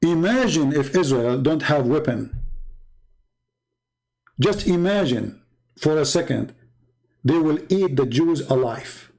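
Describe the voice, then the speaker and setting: A man's voice: fairly high pitch, animated, slow, pauses often, a little mellow. A man from the Middle East speaking English, in an emphatic, repetitive casual monologue with broken grammar. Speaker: Christian apologist.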